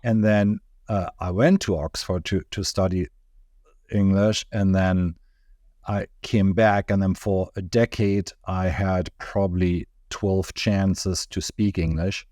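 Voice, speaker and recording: A man's voice: deep voice, steady tone, slow pace, a little mellow, dry recording, studio quality. A man from Germany with a German accent, a guest chatting casually in an interview, rambling with chuckles and restarts. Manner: chuckling, digressive, many restarts.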